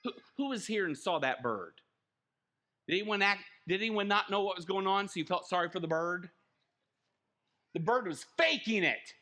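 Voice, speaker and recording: A man preaching a sermon as pastor, animated and acting out little scenes. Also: high-pitched, moderate pace, long pauses. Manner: animated, acts out little scenes with shouted voices. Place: church.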